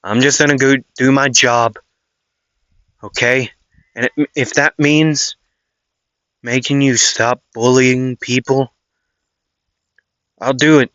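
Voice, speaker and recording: A man voicing an earnest, calm teenage boy hero who speaks firmly and steadily, in a dull lo-fi recording. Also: mid-range voice, slow, pauses often, no room sound.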